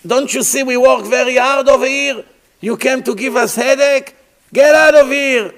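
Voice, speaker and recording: A man's voice: extremely high pitch, steady tone, moderate pace, voice pushed up. Jeering weary slaves, as a man puts them on. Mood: scornful. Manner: jeering, scornful shouting. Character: mocking crowd of weary slaves, men.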